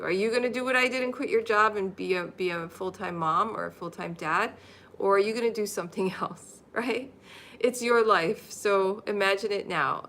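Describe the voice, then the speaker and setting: Bright-voiced woman chatting on a live stream. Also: mid-range voice. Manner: chatty, laughs often, repeats phrases over and over. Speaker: livestream host teaching money affirmations. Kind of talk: casual live-stream teaching.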